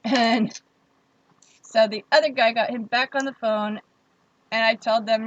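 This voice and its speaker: A woman streamer telling a story in a wry, animated way, laughing between lines. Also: fairly high pitch, unhurried, long pauses. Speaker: livestream host. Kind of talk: casual storytelling. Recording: dull lo-fi stream audio.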